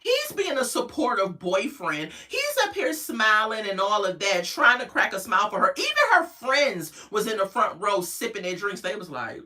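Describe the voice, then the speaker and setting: Sassy, animated woman recapping reality TV. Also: mid-range voice, normal speed, few pauses, recorded from a distance. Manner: animated, gossipy, sassy asides, laughs often. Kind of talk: casual recap chat.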